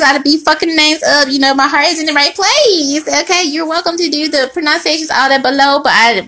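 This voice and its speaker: A woman's voice: high-pitched, a little fast, few pauses, pushed and bright. A young woman reading tarot in a casual, slangy chat, laughing often as she talks to her viewers. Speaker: tarot reader.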